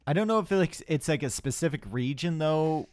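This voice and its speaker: A man's voice: fairly high pitch, animated, normal speed, a little mellow, no room sound. A young man casting a live strategy game match, chatty and rambling, with asides to his chat. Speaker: esports caster.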